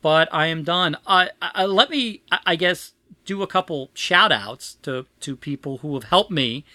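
Woman, casual podcast chat, piercingly bright tone, dry close sound, chatty and self-interrupting. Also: sits low, animated, normal speed, no room sound. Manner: rambling, chatty storytelling with frequent laughs.

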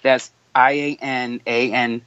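A man guesting on a podcast, chatting easily and telling stories in an animated way. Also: medium pitch, slow pace, smooth, no room sound, highs cut off. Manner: easygoing, animated storytelling, laughs often. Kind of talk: casual podcast chat.

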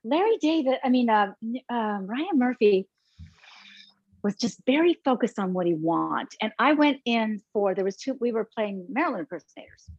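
A woman actress chats as a guest, spinning animated stories and slipping into the voices of the people she quotes. Her voice is husky and breathy. The recording is dry and a touch dull. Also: fairly high pitch, moderate pace, dry recording. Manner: animated, acts out quotes of others. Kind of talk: casual anecdotal storytelling.

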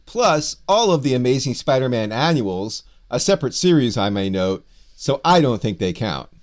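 A man's voice: mid-range voice, big pitch swings, normal speed. A man co-hosting a fan podcast who recaps the story with wry, sarcastic asides and speaks with a slight lisp. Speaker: podcast co-host. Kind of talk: casual podcast chat and plot recap.

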